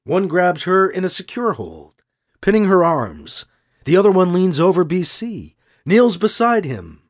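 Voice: medium pitch, sing-song, unhurried. A narrator reading a tense thriller scene in a dramatic storytelling voice. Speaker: audiobook narrator. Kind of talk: scripted narration.

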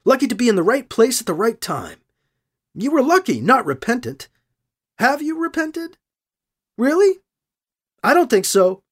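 Audiobook figure: a reader voicing a bitter unstable woman, shrill and accusing, voice leaping high. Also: big pitch swings, normal speed, long pauses, breathy edge. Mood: scornful. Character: unhinged bitter woman confronting a man.

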